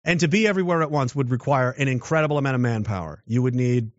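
A political commentator rambles through a casual monologue at a quick pace, restarting himself and tossing out rhetorical questions. His voice is mid-range, and the dull, lo-fi recording is dry with no echo.

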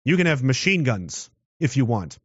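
A man's voice: medium pitch, big pitch swings, moderate pace, a bit bright, breathy edge, dry recording, lo-fi sound. Guy ranting through a political monologue, keeps restarting, dead dry sound. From Canada. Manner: rambling, with frequent restarts and rhetorical questions. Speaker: commentator.

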